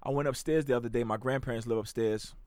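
A young man hosting his own podcast, talking in a casual, animated way with slang and frequent restarts. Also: medium pitch, fast, no room sound. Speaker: podcast host.

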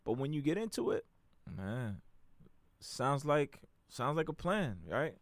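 A young man hosting his own podcast, talking in a casual, animated way with slang and frequent restarts. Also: medium pitch, a little slow, no echo. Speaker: podcast host.

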